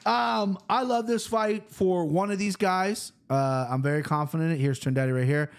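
A man hosting a fight-betting show, talking in a rambling, profane, animated way. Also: sits high, moderate pace, clear, resonant tone. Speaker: host of a fight-picks show. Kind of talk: casual betting chat.

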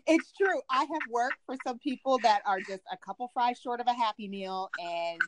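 A woman's voice: fairly high pitch, moderate pace, background noise. A woman in casual chat, frank and folksy, laughing as she talks.

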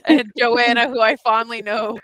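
A woman hosting a casual podcast chat over a video call, giggling often and filling pauses with "um". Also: a little high, level tone, fairly bright tone, no echo. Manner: giggly, filler-heavy. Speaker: podcast host.

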